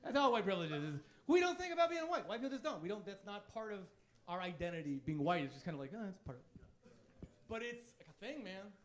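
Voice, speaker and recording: A man performing a stand-up comedy set on a club stage, animated, jumping from loud bursts to low mutters. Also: fast talker.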